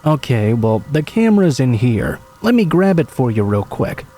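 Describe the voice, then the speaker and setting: A man voicing a charming, creepy young man who speaks in a very calm, soothing way. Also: mid-range voice, normal speed, soft background music. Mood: coaxing.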